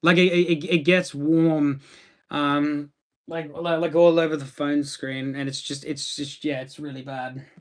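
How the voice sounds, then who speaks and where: A man's voice: on the high side, little pitch movement, unhurried. An Australian man chatting casually on a livestream, laid-back and rambling as he answers viewer comments.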